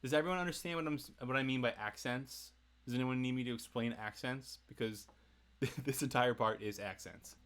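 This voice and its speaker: A guitarist teaches a song in a casual, chatty livestream lesson, faint acoustic guitar playing in the background. His mid-range voice is a little fast and relaxed, and he answers chat and laughs often between explanations.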